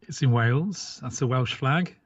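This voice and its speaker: A man's voice: mid-range voice, moderate pace, slightly rough, lo-fi sound. A man with a southern English accent co-hosting a casual livestream chat. He is playful and teasing and reads chat comments aloud. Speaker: co-host.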